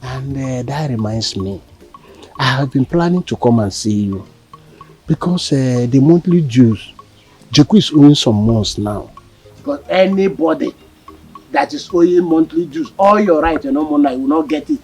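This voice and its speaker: Man doing nigerian village guy explaining dues, warm mellow tone. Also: medium pitch, lively intonation, normal speed, faint music behind, natural voice. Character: talkative middle-aged village man. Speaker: village meeting secretary. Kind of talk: Nollywood film acting.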